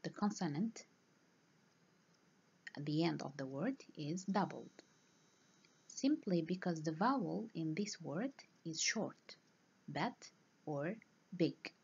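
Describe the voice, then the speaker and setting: A woman lecturer giving a recorded lesson, speaking slowly and deliberately, pausing to repeat each example word. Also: sits low, animated, creaky, breathy edge. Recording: dull lo-fi recording.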